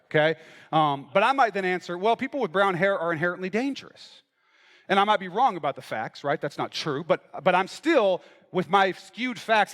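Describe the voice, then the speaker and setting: A man's voice: sits high, fairly bright tone, big-room sound. A male pastor giving a conversational sermon, checking in with his listeners and acting out both sides of an argument. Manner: conversational, checks in with "right?" and "okay?". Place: church.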